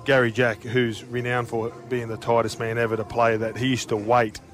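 A man with an Australian accent talks through a string of anecdotes on a radio sports show. His voice sits at an ordinary middle pitch. He tells the stories in quick, tumbling bursts and keeps slipping into laughter. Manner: animated, tumbling anecdotes, often breaking into laughter. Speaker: radio co-host, former rugby league player. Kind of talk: casual storytelling chat.

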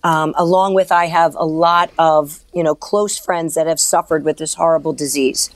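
A woman co-hosting a radio show, giving mortgage rates in a friendly, brisk way. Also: deep voice, steady tone, no echo. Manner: friendly, reads out rates and phone numbers briskly. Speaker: mortgage lender and radio co-host. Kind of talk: casual radio talk.

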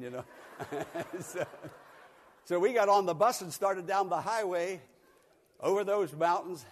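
A man's voice: high voice, measured pace, creaky, pauses often, in a large hall, slight background noise. An older man from Pennsylvania preaching a sermon, telling a folksy story and chuckling often. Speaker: pastor. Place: church sanctuary.

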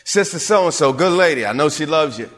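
Male pastor preaching in a big echoing sanctuary, fairly high voice with a wide range. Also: lively intonation, brisk. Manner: preacherly call-and-response, swinging between hushed and shouted. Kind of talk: sermon. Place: church sanctuary. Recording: long hall reverb.

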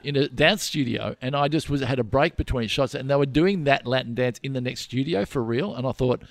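An Australian man talks casually as co-host, wry and dry-humored, his speech halting with restarts. His voice has a gravelly edge, and it sounds dry and close to the mic. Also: medium pitch, no echo. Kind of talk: casual chat.

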